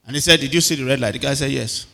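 A male pastor preaching to his congregation and drawing answers back from them. His voice is bright and forceful, at an ordinary pitch for a man. Long reverb trails off every phrase, as in a large hall. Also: racing, vocal fry. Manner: calls to the congregation for responses. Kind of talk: sermon.

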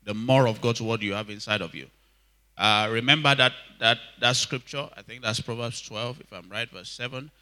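A man's voice: medium pitch, moderate pace, bright, forceful tone. A man preaching a sermon, emphatic, repeating key lines and calling for responses from the congregation.

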